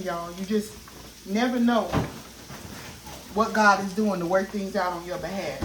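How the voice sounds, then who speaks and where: A woman's voice: medium pitch, steady tone, a little slow, pauses often, fairly bright tone, a little hiss or hum. A woman in her thirties talks earnestly to her viewers while she cooks at home. Her speech is heartfelt and testifying, and she keeps calling them y'all. She sounds like she is standing back from the mic, with the room's echo and faint frying sizzle around her. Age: 30s. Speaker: vlogger. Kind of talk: casual talk while cooking. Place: home kitchen. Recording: echoey kitchen, mic at a distance, cooking sizzle. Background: frying and sizzling food.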